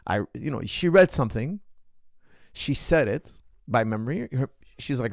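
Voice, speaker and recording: A man's voice: mid-range voice, animated, moderate pace, creaky, no room sound, studio quality. A man hosting a show as a coach, giving casual reaction commentary in short, repeated bursts. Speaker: martial arts coach and show host.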